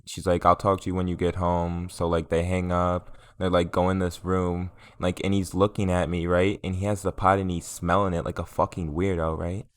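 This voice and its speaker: A young man's voice sits low and stays fairly flat as he tells a casual story. He rambles, swears freely and leans on fillers. The sound is dry and close, with no room around it. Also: moderate pace, few pauses, no echo. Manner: rambling, profane, filler-heavy. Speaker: vlogger.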